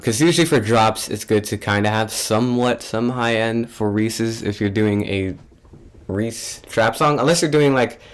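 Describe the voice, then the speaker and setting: A man's voice: lowish voice, smooth. Offhand young man explaining his beat. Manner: loose and offhand, with many fillers and restarts. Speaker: music producer. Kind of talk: casual tutorial narration.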